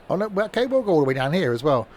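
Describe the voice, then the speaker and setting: A man chats his way through a game stream, rambling and self-mocking, with lots of uhs and half-finished thoughts. His pitch swoops up and down in lively jumps, and a faint hiss sits under the voice. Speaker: streamer playing a train simulator. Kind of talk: casual live-stream commentary.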